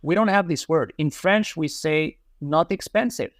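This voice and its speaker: Man, educator guest, reflective and repetitive, slightly high voice, dry sound. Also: unhurried, no room sound. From Morocco. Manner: reflective, repeats key phrases for emphasis. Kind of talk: casual interview conversation.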